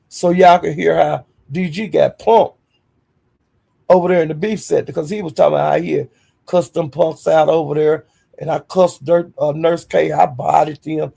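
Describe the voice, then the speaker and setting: Gravelly, husky woman ranting on stream. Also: low-pitched. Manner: profane, scolding, animated storytelling. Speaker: livestream host. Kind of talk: heated livestream rant.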